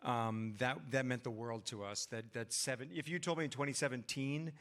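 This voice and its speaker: A man's voice: mid-range voice, steady tone, a little fast, a bit bright. A man speaking as a producer on a panel, telling behind-the-scenes stories eagerly and often repeating his words. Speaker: producer of the show. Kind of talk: casual panel Q&A.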